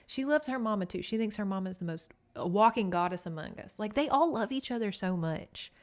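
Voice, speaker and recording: A woman's voice: mid-range voice, lively intonation, fairly quick, darkish tone. Southern woman host, casual sardonic book recap, conversational, middle register. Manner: chatty and sarcastic, with many asides. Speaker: podcast host.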